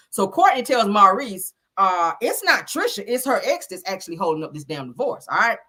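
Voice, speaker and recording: A woman's voice: mid-range voice, big pitch swings, a little fast, few pauses, bright, forceful tone, slightly rough. Sassy woman recapping a reality show, blunt, cussing, voice bouncing all over. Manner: sassy, blunt, swears freely, addresses listeners directly. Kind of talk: casual commentary on a reality show.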